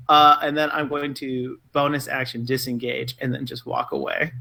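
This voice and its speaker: Gravelly bright-voiced flustered player. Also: male voice, mid-range voice. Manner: flustered, joking, quick asides. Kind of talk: casual tabletop game chat.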